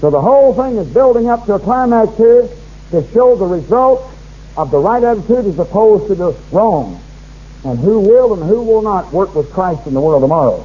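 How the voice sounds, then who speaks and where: A man's voice: high-pitched, animated, normal speed, slightly rough, phone-quality sound. A man preaching a fervent sermon, reading scripture aloud and rising in force as he warns his listeners.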